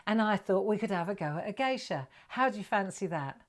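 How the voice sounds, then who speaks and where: British woman, middle-aged, live craft tutorial host, chatty, encouraging, medium pitch. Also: expressive, a little fast. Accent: British English. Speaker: craft presenter. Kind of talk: live online drawing tutorial.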